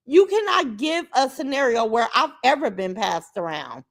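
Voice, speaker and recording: A woman hosting a casual livestream, blunt and profane, reading viewer comments aloud and greeting them warmly. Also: high voice, big pitch swings, measured pace. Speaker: livestream host.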